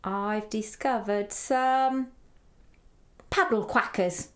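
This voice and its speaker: A woman's voice: mid-range voice, steady tone, extremely slow, fairly bright tone. A woman voicing a curious little boy exploring outdoors, inquisitive and delighted with each find, in a read-aloud children's story.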